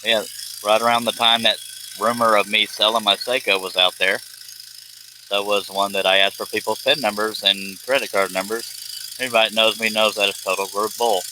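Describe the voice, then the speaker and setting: A man's voice: fairly low pitch, little pitch movement, moderate pace, noisy background. A man chatting casually on a live stream, reading viewer comments and joking around with a rambling, laugh-prone manner. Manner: joking, rambling, laughs at his own jokes.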